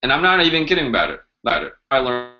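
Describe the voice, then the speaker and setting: A man's voice: medium pitch, huge pitch swings, very fast, lo-fi sound. A man hosting a casual live-stream language lesson, chatty and joking as he answers viewers' questions.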